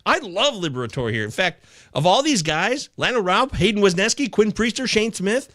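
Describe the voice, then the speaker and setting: A man hosting a live fantasy baseball chat show, reading viewer comments aloud with excitable, casually profane banter. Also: high voice, moderate pace, no room sound, studio quality. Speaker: fantasy baseball podcast host.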